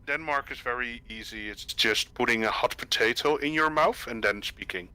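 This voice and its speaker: Man with a very bright voice. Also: mid-range voice, moderate pace, smooth, low-quality recording. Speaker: caller. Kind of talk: casual chat. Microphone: voice chat call.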